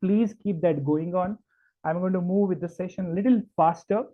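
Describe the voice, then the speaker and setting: A high-voiced man from India running a public speaking workshop over a video call. He leans hard on key words and scatters fillers as he goes. The sound is thin and phone-like. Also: normal speed. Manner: emphatic, stretches key words, many fillers. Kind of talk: online workshop lecture. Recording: tinny call-like audio.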